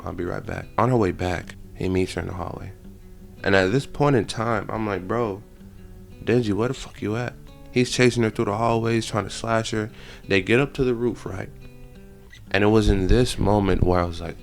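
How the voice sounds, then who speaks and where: Casual male vlogger recapping a film, low rough voice, lively slang-heavy delivery. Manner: animated storytelling with slang and profanity. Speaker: channel host.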